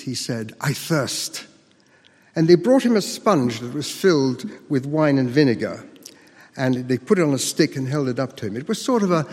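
A man performing a first-person monologue as a disciple recounting the crucifixion, speaking earnestly with emphatic dramatic pauses. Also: medium pitch, a little mellow, big-room sound. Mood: solemn.

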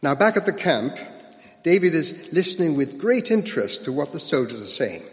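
A man's voice: a little high, big pitch swings, normal speed. A male preacher giving a sermon in a conversational way, asking his listeners rhetorical questions. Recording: long hall reverb.

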